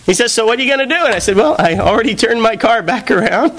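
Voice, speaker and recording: A man's voice: very high voice, quick pace. A man preacher telling a story in a sermon, acting out a phone conversation with a friend, with the congregation heard behind him. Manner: animated, acts out both sides of a phone call. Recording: live church recording with audience. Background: congregation laughing.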